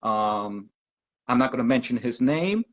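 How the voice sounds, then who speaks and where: A man talking casually as a podcast guest, pausing often with ums. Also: mid-range voice, animated. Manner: halting, many ums. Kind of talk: casual conversation. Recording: dull lo-fi audio.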